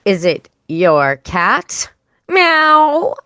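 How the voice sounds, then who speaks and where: A woman's voice: on the low side, expressive, measured pace, dry recording, studio quality. A woman hosting a pet radio show, chatting casually and playfully. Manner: chatty, playful, imitates animal sounds. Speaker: podcast host.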